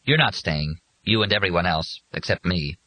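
A weary, stubborn man speaks with tired resignation, as a man reading an audiobook plays him. The voice is bright and moves widely in pitch. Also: expressive, moderate pace, dry recording, full character voice, rough recording. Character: weary stubborn man, adult, dry humor.

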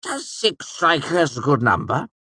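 Brief: giddy old male count in an audiobook, high and swooping, as a male narrator puts him on. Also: normal speed, breathy edge, no echo, heavily acted. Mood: animated. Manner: giddy, animated, gesturing wildly. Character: excitable older male nobleman, short and bright-eyed.

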